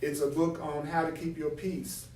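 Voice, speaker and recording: A man's voice: fairly high pitch, moderate pace, distant mic, a little hiss or hum. A man teaching from a spiritual text, reading passages aloud and then explaining them with rhetorical questions and acted-out examples. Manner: animated, acts out example dialogue. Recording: roomy, from the mic.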